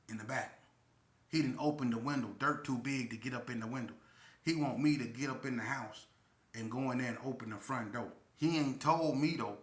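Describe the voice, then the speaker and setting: A man in his forties from Las Vegas spins a neighborhood tale in loose, slangy talk, acting out each scene as he goes. His voice has a bright, forceful edge at a middle pitch. The room around him sounds echoey. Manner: animated, acts out scenes, slangy and repetitive. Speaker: storyteller. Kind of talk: casual street storytelling. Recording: roomy echo.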